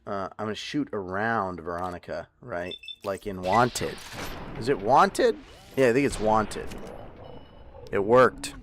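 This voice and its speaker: A man's voice: fairly low pitch, animated, unhurried, slight background noise. A man casually commenting on his gameplay for a live stream, joking and rambling to his viewers. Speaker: livestreaming gamer.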